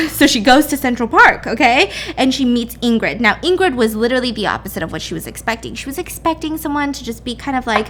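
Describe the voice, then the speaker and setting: A woman's voice: on the high side, expressive, fast talker, fairly bright tone, slight background noise. A young woman casually recapping a mystery novel, chatty and swearing freely as she acts out the characters' lines. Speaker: YouTuber retelling a mystery novel.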